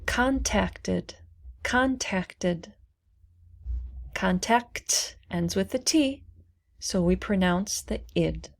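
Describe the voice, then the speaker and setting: Young woman teacher, unhurried and clearly articulated, for beginner pronunciation drills. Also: fairly low pitch, expressive, a little mellow. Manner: over-articulates each word, repeating it twice. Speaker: English teacher. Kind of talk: slow, deliberate pronunciation lesson.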